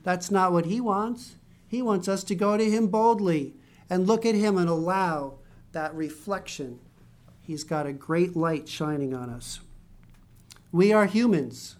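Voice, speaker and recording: A preacher giving a Bible-teaching sermon in a conversational way with joking asides, reading scripture slowly. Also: mid-range voice, a little mellow.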